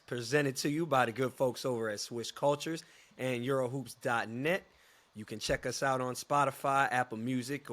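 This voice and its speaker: A man in his thirties hosting a podcast in a casual, joking way, a little sick and laughing often. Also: medium pitch. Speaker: podcast host.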